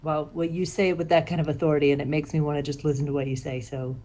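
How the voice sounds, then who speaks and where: A man's voice: on the high side, little pitch movement, rapid-fire, a little mellow, pitched below the performer's own voice, close to an everyday voice. A man playing an earnest dude guest. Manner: laid-back, slangy, earnest. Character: dim, eager male tour guest, bro-ish. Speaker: improv performer. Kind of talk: improv comedy scene.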